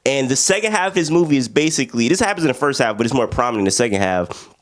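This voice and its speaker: A young man talks through a film in a loose, slangy review. His pitch swings widely as he jumps into the characters he quotes. He sounds sleepy and a little under the weather. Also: lively intonation, racing.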